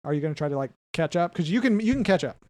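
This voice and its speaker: A man narrating as game master of a tabletop game, lively and often laughing as he describes the action. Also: a little high, rapid-fire, no room sound.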